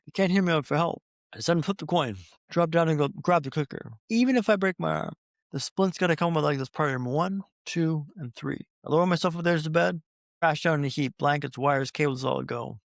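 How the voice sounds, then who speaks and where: A man's voice: a little high, brisk, creaky, dry recording, studio quality. A man telling his recovery story as a podcast guest, like a practiced speaker, with repeated phrases for rhythm and speaking straight to the host. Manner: addresses the host directly.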